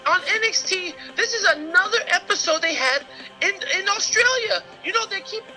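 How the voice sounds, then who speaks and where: A man's voice: very high voice, lively intonation, moderate pace, pushed and bright, soft background music, heavily acted, poor audio. A man voicing a polite young male reporter who eagerly runs through wrestling news and calls the others mister. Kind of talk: casual podcast segment.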